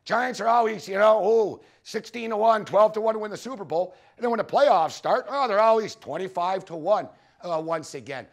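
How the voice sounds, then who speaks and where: A high-voiced man who hosts a sports betting show gives a conference talk to an audience in a conference room, telling rowdy betting stories. He's expressive and speaks at normal speed, with an animated, anecdotal, profane delivery and punchy repetitions.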